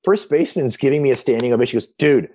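A man in his fifties telling stories as a podcast guest, casual and animated, often restarting his sentences from his home office. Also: mid-range voice, racing, slightly rough. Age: 50s. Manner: excited, animated retelling with many restarts. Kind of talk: casual storytelling.

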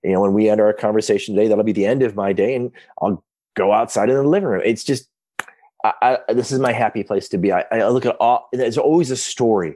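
A man in his fifties tells stories from his home office with lots of restarts, his voice rising and falling in a lively way. His pitch sits in a middle register. He sounds like he's talking over a video call. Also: fast talker. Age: 50s. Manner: excited, animated retelling with many restarts. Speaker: podcast guest, founder. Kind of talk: casual storytelling.

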